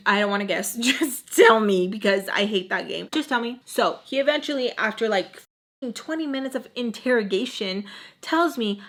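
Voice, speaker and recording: A woman's voice: a little high, normal speed. A woman casually telling a long personal story, acting out the quotes and dropping Spanish words, with frequent swearing and repeated phrases. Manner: animated, acts out quotes, drops Spanish words. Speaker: storytime vlogger.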